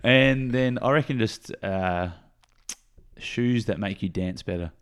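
A man co-hosting a podcast in relaxed, rambling casual chat. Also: on the low side, slow, clean tone. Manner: relaxed, rambling, with frequent fillers and "reckon". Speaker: podcast co-host.

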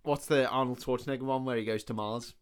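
A man's voice: mid-range voice, steady tone, fast talker, clean tone. A man co-hosting a podcast, chatting casually with jokey asides about films. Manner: jokey asides and film banter. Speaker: podcast co-host. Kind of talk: casual chat.

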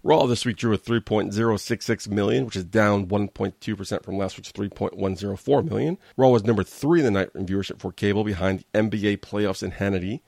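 A man's voice: on the low side, steady tone, a little fast, creaky, few pauses, a little mellow, no echo, clean studio sound. A man hosting a wrestling recap show, giving a blunt, sarcastic and exasperated opinion rant in a casual way. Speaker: wrestling commentary host.

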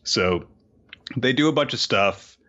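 A man co-hosting a podcast, casually chatting and recapping with a relaxed, chuckling manner. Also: medium pitch, measured pace. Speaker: podcast co-host. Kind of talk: casual chat recapping a comic. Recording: dull lo-fi mic.

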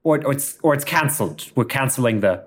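A grand narrator's voice that trips over itself and loses the thread, as a man impersonates a famous actor. It is quick and lifted in pitch. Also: lively intonation, natural voice. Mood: muddled. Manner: rambling, tangled, losing the thread. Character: impression of a famous deep-voiced male actor.

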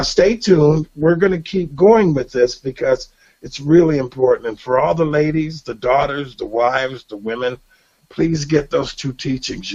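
A middle-aged man hosting a faith talk show, sharing an emotional personal testimony in an earnest, preacherly way with many restarts. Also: medium pitch. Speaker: radio show host. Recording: dull lo-fi broadcast audio.

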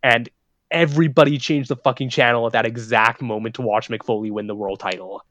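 A man chatting casually on a podcast, talking in an animated, profane rush with "like" scattered everywhere. His voice sits at a middling pitch, and the sound is dry and close with no room around it. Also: brisk, no room sound. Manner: animated, profane, says "like" a lot. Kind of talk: casual chat about wrestling.

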